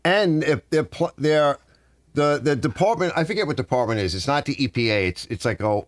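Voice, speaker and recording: A man's voice: a little high, expressive, a little fast, dry recording, studio quality. A middle-aged man hosting a casual garage live stream, rambling and ranting while answering his viewers' chat. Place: home garage.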